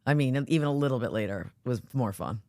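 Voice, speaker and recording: A woman's voice: extremely low pitch, fast, no echo, clean studio sound. A woman co-hosting a podcast, joking and reacting in casual chat. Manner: animated, joking. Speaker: podcast co-host.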